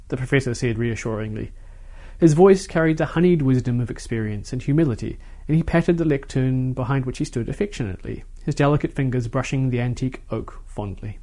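In a plain, even delivery, a man narrates a short story at a steady, measured pace. His pitch sits in the middle range.

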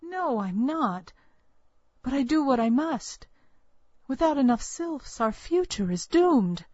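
A woman putting on a scolding village midwife from a storybook, older, secretive and bitter. The voice rides higher than the reader's own, with a husky, breathy edge and an unhurried delivery. The read is dry and a little dull, like a lo-fi recording. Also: sing-song, a little mellow, dry recording, exaggerated voice. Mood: bitter, fervent.

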